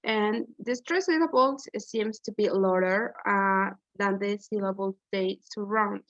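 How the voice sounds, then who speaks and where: Slow, hesitant woman presenting a lesson. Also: medium pitch, fairly bright tone, no echo. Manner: hesitant, many "uh" fillers and restarts. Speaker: student presenter. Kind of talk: class presentation on pronunciation. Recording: dull, dry lo-fi recording.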